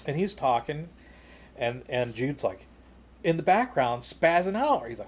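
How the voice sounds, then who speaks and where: A man co-hosting a podcast, telling a long personal story in casual chat, full of "you know" and "like", rising higher and louder at the exciting parts. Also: normal speed. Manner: jumps higher and louder when retelling excited moments. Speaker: podcast co-host.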